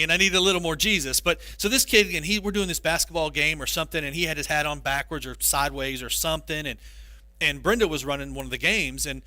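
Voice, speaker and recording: A male pastor giving a sermon, telling stories with animated, self-mocking humor. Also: on the high side, fast, dry recording.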